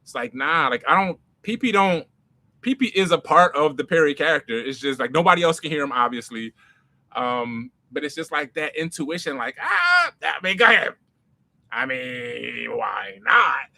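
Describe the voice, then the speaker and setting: A man, telling slangy, animated stories as a comedy creator in a casual Q&A. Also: a little high, normal speed, dry recording. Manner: animated, slangy, swings loud and soft. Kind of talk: casual storytelling Q&A.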